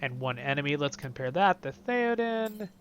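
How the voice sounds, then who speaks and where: A young man hosting a casual gameplay video, chatty and excitable, swinging between loud bursts and quiet asides. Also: fairly high pitch, normal speed. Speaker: game video host.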